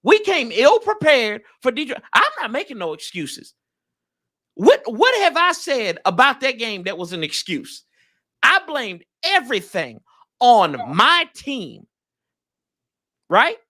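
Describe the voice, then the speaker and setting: A man trading casual, teasing trash talk about football on a live stream, with bursts of loud outrage. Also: extremely high pitch, huge pitch swings, slow. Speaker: rival fan guest. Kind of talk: casual sports debate.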